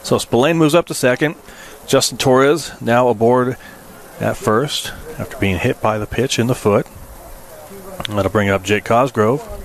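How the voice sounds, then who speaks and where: A man calling baseball play-by-play, low and relaxed for stats, then climbing sharply in pitch and volume on big hits. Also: measured pace. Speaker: play-by-play announcer.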